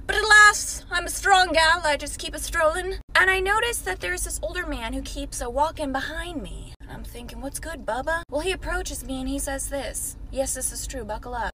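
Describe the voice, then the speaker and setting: A woman with a high voice tells a storytime in a sarcastic, dry way, now and then sinking into a whisper. There is plenty of noise behind her on the phone recording. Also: lively intonation, brisk. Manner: sarcastic, dips into whispered asides. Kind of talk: casual storytime to camera.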